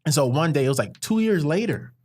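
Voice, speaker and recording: A man in his thirties, a guest comedian telling a story in casual chat, animated and laughing often. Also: a little high, fast. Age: 30s.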